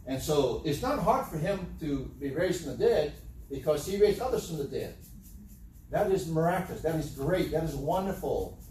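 A man's voice: a little high, darkish tone, distant mic, slight background noise. A man preaching a sermon in a conversational way, often asking his listeners rhetorical questions. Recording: very echoey room, voice from off-mic.

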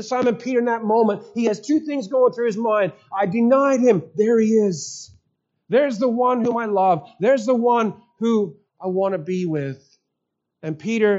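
A man with a high voice preaches a sermon in an earnest storytelling way. He often sinks into soft, low tones to stress a point. The sound is dull and a little lo-fi. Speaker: pastor.

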